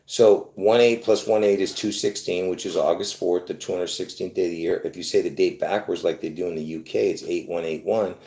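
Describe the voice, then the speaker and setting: A man's voice: sits low, steady tone, a little fast, hardly any pauses, dark tone, roomy sound. A man talking straight to his viewers, repeating himself and restarting often as he insists on his point. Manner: repetitive, insistent, many restarts and fillers. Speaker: video host. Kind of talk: rambling explanation to viewers.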